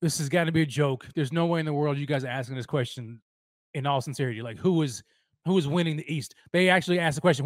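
Excitable slangy man hosting a sports stream. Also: fairly high pitch, fast, no echo, studio quality. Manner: excitable, slangy, repeats phrases. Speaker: sports podcast host. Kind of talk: live-stream sports talk.

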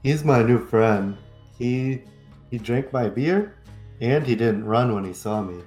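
A man's voice: medium pitch, animated, slow, a little mellow, roomy sound, faint music behind. A man voicing a simple, trusting, cheerful character in a tabletop game, speaking in plain happy sentences.

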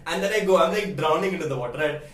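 A man's voice: fairly high pitch, very fast, a bit bright, reverberant, distant mic. A young man in his late teens telling a story casually as a vlogger, chatty, laughing often and asking "right?" again and again.

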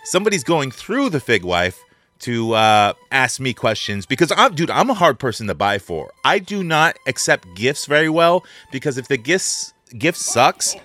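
A man co-hosting a casual podcast, telling profane, animated stories and laughing often. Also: medium pitch, moderate pace, soft background music. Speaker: podcast co-host.

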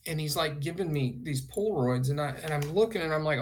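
A man, a guest artist on a podcast, telling a personal story in a rambling, animated way with many fillers. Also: on the high side, brisk, few pauses.

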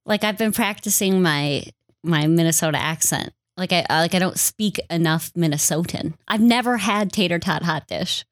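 A woman's voice: fairly low pitch, normal speed, no room sound, studio quality. A young woman from Wisconsin, co-hosting a casual podcast chat in a chatty, self-deprecating, joking way. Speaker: podcast co-host.

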